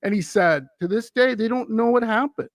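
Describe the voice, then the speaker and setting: A man from Wisconsin, appearing as a guest on a podcast, tells a story in a casual chat, his high-pitched voice at normal speed with no echo. He's animated, acting out the voices of the people he quotes.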